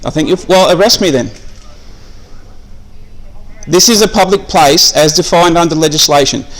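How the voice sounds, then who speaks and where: A man's voice: fairly high pitch, moderate pace, fairly bright tone. An Australian man in a police station, insistently arguing with officers and repeating his questions while filming on a phone. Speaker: member of the public filming police. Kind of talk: confrontational argument. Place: police station reception area, indoors.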